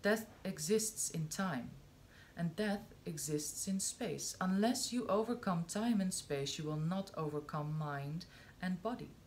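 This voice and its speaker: A woman reading a spiritual discourse aloud, slow and measured, with long pauses between phrases. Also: fairly low pitch, lively intonation, a little mellow, slight background noise. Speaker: reader of spiritual texts.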